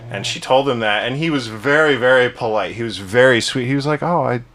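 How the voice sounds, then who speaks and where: A young man in casual chat, rambling through a story with loose swearing and frequent restarts. His voice sits at an ordinary middle pitch. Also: brisk, fairly bright tone. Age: young adult. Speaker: podcast co-host.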